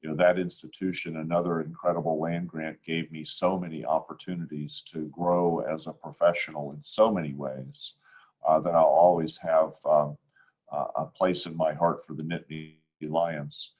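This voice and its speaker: A man in his sixties from Ohio, answering interview questions in a measured, reflective way with frequent pauses and fillers, speaking over a video call. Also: very deep voice, little pitch movement, a little mellow, breathy edge, poor audio. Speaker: university provost, guest.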